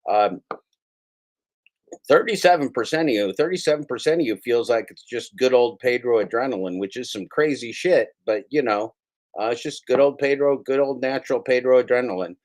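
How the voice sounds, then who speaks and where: A man hosting a livestream, talking in a drawling, sarcastic way with lots of pauses and fillers. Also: mid-range voice, a little mellow. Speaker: livestream host. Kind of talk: casual livestream chat.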